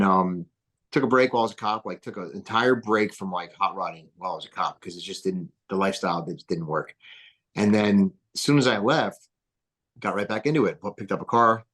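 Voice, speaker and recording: A man with a fairly low voice tells long, winding stories on a podcast. He piles on fillers and restarts, and gets excited as he goes. He is from New Jersey. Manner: rambling, filler-heavy, excitable storyteller. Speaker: podcast guest, entrepreneur. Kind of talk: casual interview storytelling.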